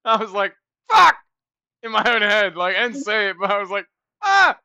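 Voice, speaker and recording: High, bright-voiced young man telling stories. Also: quick pace, clear, resonant tone, no room sound, studio quality. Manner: animated, profane storytelling. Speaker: podcast co-host. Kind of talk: casual chat. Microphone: podcast mic.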